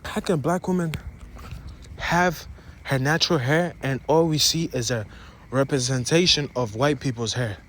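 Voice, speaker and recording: A man's voice: medium pitch, moderate pace, a bit bright. Young male vlogger, African and American accents mixed, rambling and blunt, faint street noise behind. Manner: rambling, repeats and restarts phrases, addresses viewers directly. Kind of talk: opinionated casual monologue to camera.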